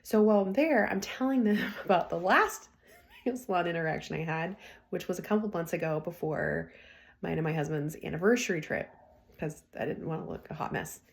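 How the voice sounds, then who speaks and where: A podcast host with a fairly low, gravelly voice tells stories at a slightly fast clip. She's chatty, laughs often, and acts out what people said in this casual storytelling.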